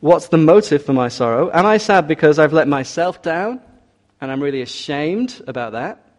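A man preaches a sermon in a fairly high voice. He is earnest and measured, and he often turns to his listeners with rhetorical questions. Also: lively intonation.

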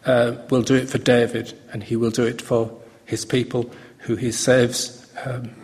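A man preaching a sermon in a relaxed, conversational way, often pausing and restarting his sentences. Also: medium pitch. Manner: conversational, halting with fillers and restarts. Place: church hall. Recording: long hall reverb.

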